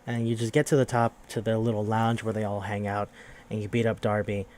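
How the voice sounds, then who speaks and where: A man's voice: fairly low pitch, little pitch movement, fairly quick, darkish tone, a little hiss or hum. A man hosting a podcast, casually recapping a video game in a rambling, profane way and acting out characters' lines. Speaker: podcast host.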